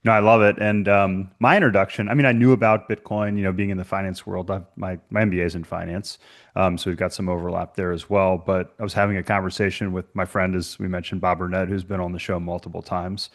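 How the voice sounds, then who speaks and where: A man's voice: low voice, level tone, fast talker. A man hosting a podcast interview, telling stories in a chatty way with lots of fillers. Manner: chatty storyteller, many "you know" fillers. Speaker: podcast host. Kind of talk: casual interview chat.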